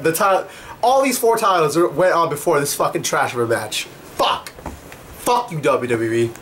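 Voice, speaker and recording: A man's voice: high-pitched, fairly bright tone, slight background noise. A young man giving a heated, profane rant as a wrestling commentary vlogger. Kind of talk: ranting commentary.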